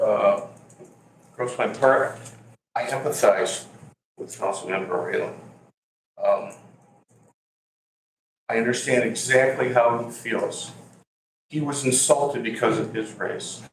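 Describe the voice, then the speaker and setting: An older man speaking at a council public comment, aggrieved and halting. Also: medium pitch. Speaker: resident giving public comment. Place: council chamber. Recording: echoey chamber, voice from far off, faint hum.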